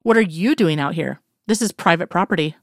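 A woman's voice: mid-range voice, normal speed, dry recording, natural voice. A woman reading the lines of a wry adult man with a dry, sardonic manner.

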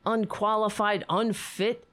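Indignant sarcastic woman ranting, slow delivery. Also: medium pitch, little pitch movement, a bit bright. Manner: sarcastic, indignant, swears freely, laughs mid-sentence. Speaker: political commentary host. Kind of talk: casual political rant.

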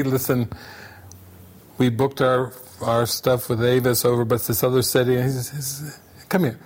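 A man telling a funny travel anecdote to an online retreat group, animated and often laughing as he goes. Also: medium pitch. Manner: animated, repetitive storytelling, breaking into laughter. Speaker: retreat speaker.

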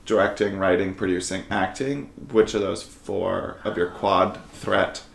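A woman's voice: extremely low pitch, little pitch movement, measured pace, creaky. A woman co-host asking questions and cracking teasing jokes in a casual chat. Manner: joking, teasing interjections. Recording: roomy echo.

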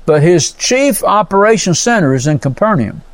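A man with a high voice preaches a sermon as a pastor. He teaches earnestly, explaining words from the verses and often adding amens and praises. The sound is dry and close, with little room echo. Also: sing-song, moderate pace.

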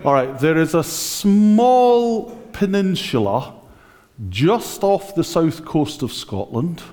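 A man preaching a conversational sermon, speaking directly to the congregation at an unhurried pace. His pitch sits a little high and moves a lot. The voice carries a long church reverb. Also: big pitch swings, dark tone. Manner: conversational, using a prop, talking directly to the congregation. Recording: echoey church hall.

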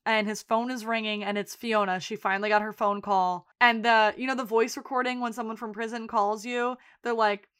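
Chatty woman recapping a show, a bit high. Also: brisk, hardly any pauses, clear, resonant tone. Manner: animated retelling with quoted voices. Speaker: podcast co-host. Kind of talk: casual chat recapping a TV episode.

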